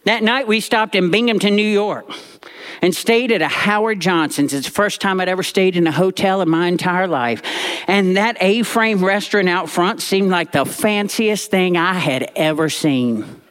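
A man telling a personal story to a live audience in an animated, expressive way. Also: high voice, normal speed.

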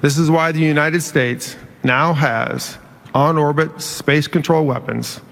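Gravelly official in a reverberant hall. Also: male voice, on the high side, steady tone, takes it slowly, a bit bright. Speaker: government official. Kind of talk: formal speech.

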